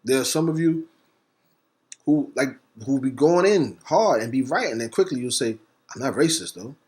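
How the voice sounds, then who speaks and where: A man hosting a talk segment, delivering a fiery, preacher-like monologue. He spells words out letter by letter and swings between rapid bursts and slow, stressed words. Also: mid-range voice, lively intonation, a little mellow. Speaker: host. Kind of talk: impassioned monologue.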